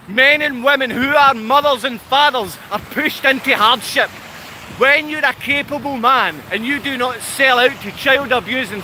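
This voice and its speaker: A channel host with a Scottish accent and a very high-pitched voice speaks live, straight to his viewers, in an intense, combative rant that keeps repeating its points. The background is noisy.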